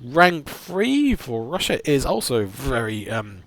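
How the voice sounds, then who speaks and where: A man's voice: mid-range voice, sing-song, slow, a bit bright, no echo. A man giving a casual, rambling game buying guide, full of restarts and enthusiastic asides. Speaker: gaming video host.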